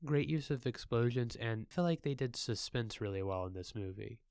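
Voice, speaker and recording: A man's voice: mid-range voice, animated, a little fast, darkish tone, smooth, dry recording, studio quality. A young man co-hosting a podcast, laid-back and joking, with the odd crude aside. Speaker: podcast co-host. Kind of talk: casual chat.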